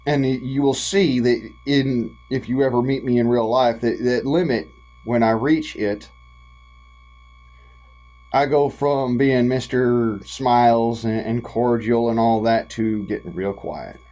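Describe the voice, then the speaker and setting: A man delivers a heated rant straight to his viewers. He talks in a folksy, swearing way and stretches out key words for emphasis. His pitch sits in the middle range for a man. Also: steady tone, mellow, rough recording. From United States. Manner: folksy and profane, drawn-out emphatic phrasing. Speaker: vlogger. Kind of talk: impassioned direct-to-camera rant.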